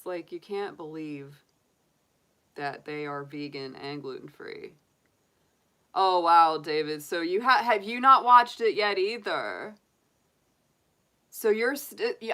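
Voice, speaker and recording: Middle-aged woman host, chatty livestream talk, bright voice, unhurried delivery, laughs often. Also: on the low side. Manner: chatty, laughs often, talks straight to viewers. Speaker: tarot reader and channel host. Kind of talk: casual livestream chat with viewers.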